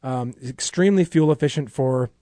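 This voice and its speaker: A man's voice: mid-range voice, normal speed, mellow, dry recording. A man hosting a radio show in a studio, chatty and self-mocking as he promotes an event. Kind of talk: casual radio chat and sponsor promo. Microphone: studio microphone.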